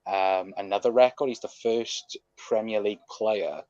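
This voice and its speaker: A man's voice: lowish voice, steady tone, normal speed, mellow, dry recording, lo-fi sound. A man co-hosting a casual football chat show, rambling with many ums and restarts. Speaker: football podcast co-host. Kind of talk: casual post-match chat.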